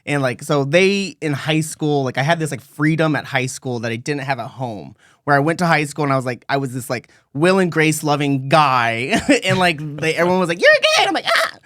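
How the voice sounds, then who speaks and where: Young man, podcast co-host, casual storytelling, slightly high voice, dry close sound. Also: brisk, few pauses, no room sound. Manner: animated storyteller, acts out voices with big pitch jumps.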